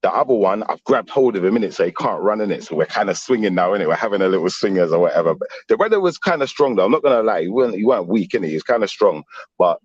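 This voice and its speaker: A middle-aged man, telling a story in animated street slang on a casual stream panel. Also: lowish voice, rapid-fire, slightly rough, no echo, lo-fi sound. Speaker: panel guest.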